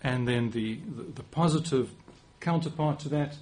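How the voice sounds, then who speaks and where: A man's voice: mid-range voice, normal speed, gravelly, hardly any pauses, darkish tone, breathy edge. A man in his forties with a South African accent, giving a conversational sermon with occasional restarts and light self-deprecating humor. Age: 40s. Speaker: preacher.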